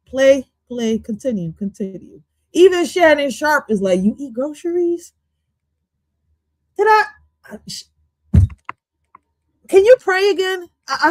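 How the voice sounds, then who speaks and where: A woman hosts a live reaction stream in a slightly high voice, loud and profane, laughing often as she talks. The sound is close and dry, with no room around it. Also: no echo. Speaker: streamer host.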